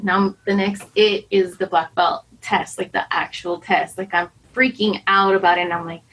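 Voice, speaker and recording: Anxious, husky woman talking candidly. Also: medium pitch, little pitch movement, fairly bright tone, rough recording. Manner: anxious, self-doubting, fast rambling with many fillers. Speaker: podcast guest. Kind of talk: candid conversational interview.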